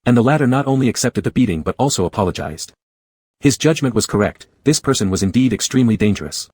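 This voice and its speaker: A man narrating an audiobook in a steady, measured storytelling voice. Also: medium pitch, husky, dry recording. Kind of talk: scripted narration.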